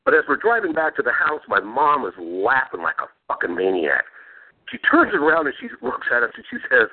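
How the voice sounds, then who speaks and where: A man's voice: medium pitch, huge pitch swings, a little fast. A man hosts a podcast and spins rowdy, profane family tales, chuckling as he goes. His voice rises and falls with lots of movement. Everything comes through a thin, phone-like channel. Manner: profane, laughing while telling stories. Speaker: podcast host. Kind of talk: casual storytelling chat. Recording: phone-like narrow sound.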